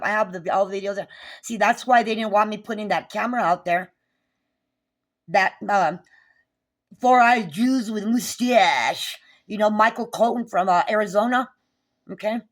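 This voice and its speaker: In this vlog, a New Mexico woman angrily recounts a fight with her neighbor, repeating herself and cursing in her agitation. She speaks at normal speed in a mid-range voice.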